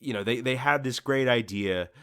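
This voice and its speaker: A man's voice: mid-range voice, moderate pace, clear, resonant tone. A man hosting a solo podcast, ranting casually and acting out what customers think to themselves. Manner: ranting, animated, acts out customers' inner voices. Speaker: podcast host. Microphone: studio microphone.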